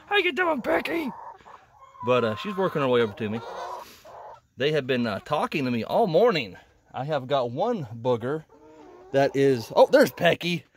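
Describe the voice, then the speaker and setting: A man's voice: medium pitch, big pitch swings, moderate pace, slight background noise. A man vlogging casually from inside a chicken coop in a greenhouse, a little out of breath, chatty and laughing often. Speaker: homesteading vlogger. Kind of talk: casual walk-and-talk vlog. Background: chickens clucking.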